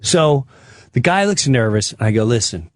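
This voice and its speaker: A man's voice: mid-range voice, normal speed, dry recording. A man telling a comic story in a studio, acting out voices as he goes. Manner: animated, acts out voices in quotes. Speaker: guest comedian.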